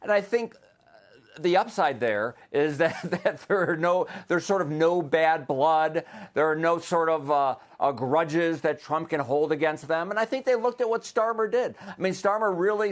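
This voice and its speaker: A man's voice: on the high side, moderate pace. An American man, an economic policy analyst, answering questions in a live TV news interview with frequent restarts and fillers. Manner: hesitant, many restarts and fillers.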